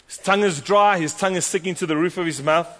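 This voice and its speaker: A man preaching a sermon, animated and storytelling, acting out the voices of the people in his stories. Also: high voice, fast talker. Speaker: pastor. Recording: long hall reverb.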